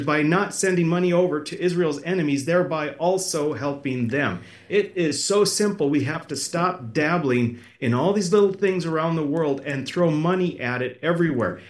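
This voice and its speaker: A man's voice: fairly high pitch, animated, moderate pace. Emphatic man, roomy studio sound. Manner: emphatic, repeats words when pressing a point. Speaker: political candidate guest. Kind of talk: political podcast interview. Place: podcast studio.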